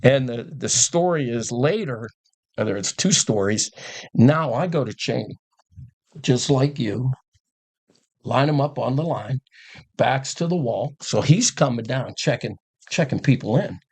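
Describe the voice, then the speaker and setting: Husky older man telling lively stories. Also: medium pitch, measured pace. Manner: animated storyteller who acts out quotes and laughs. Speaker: guest, former coach. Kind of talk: casual storytelling on a podcast.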